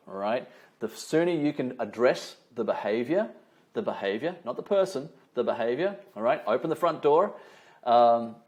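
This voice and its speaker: A man leads a live online training session from home over a video call, talking in a loose, conversational way. His pitch sits at an ordinary middle level. He drops in frequent "all right?" check-ins and tells anecdotes with a light laugh. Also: a little mellow. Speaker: communication trainer.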